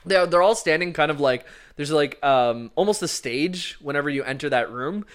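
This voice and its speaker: A man talking loosely and at length, full of "like" and "um", tossing in a curse now and then. His voice is smooth and clean. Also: on the high side, animated, normal speed. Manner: rambling, casual, swears, frequent fillers. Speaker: podcast co-host explaining game lore. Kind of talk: casual chat.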